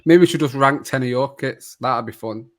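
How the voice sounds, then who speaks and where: A man hosting a casual kit-ranking chat, jokey and quick to laugh. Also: mid-range voice. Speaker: podcast host.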